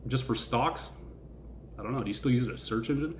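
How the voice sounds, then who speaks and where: A man's voice: mid-range voice, quick pace, echoey room, slight background noise. A man hosting a stock-investing channel, chatting casually, laughing often and asking his viewers questions. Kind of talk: casual video commentary.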